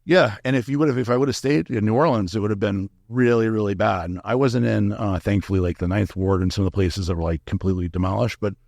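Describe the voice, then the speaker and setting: A man's voice: on the low side, fast talker, gravelly, hardly any pauses, darkish tone, no room sound, clean studio sound. A man as a podcast interview guest, telling a candid story in a frank, profane way with many fillers and restarts.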